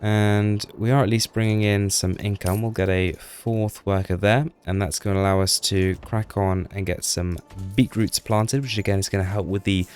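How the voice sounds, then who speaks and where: A deep-voiced man gives casual commentary over his own gameplay, chatty and self-deprecating. He talks to the little people on screen as he goes, with faint music underneath. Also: steady tone, moderate pace, hardly any pauses, darkish tone, clean tone.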